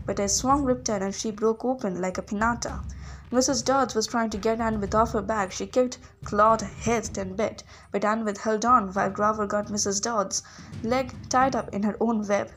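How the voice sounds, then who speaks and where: A woman reading a novel aloud as a first-person narrator, lively, with occasional small slips. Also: on the high side, normal speed, slight background noise. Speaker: audiobook reader.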